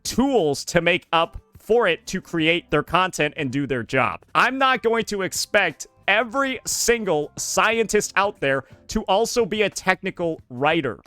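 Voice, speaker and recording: A man with a high, bright voice that swings widely in pitch, ranting through a reaction commentary. He sounds exasperated and heated, and he swears freely. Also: no echo.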